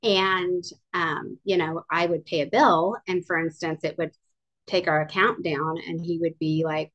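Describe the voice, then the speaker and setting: A young woman, a guest in a casual interview, earnestly tells her own story with lots of fillers and restarts. She speaks at a moderate pace in a fairly low voice. The recording sounds dull and lo-fi.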